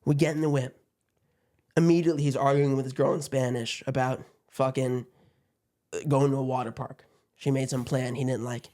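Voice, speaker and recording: A man's voice: medium pitch, level tone, normal speed, mellow. A man in his twenties, a podcast guest, rambling through a story and quoting everyone with "I'm like". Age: 20s. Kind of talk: casual podcast chat.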